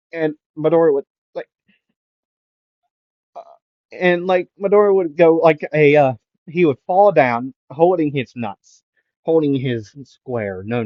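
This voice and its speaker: A man telling an improvised fan story slowly, wandering through it with constant fillers. The sound is close and dry. The mic is muffled and lo-fi. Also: on the high side, no echo. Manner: rambling, many fillers.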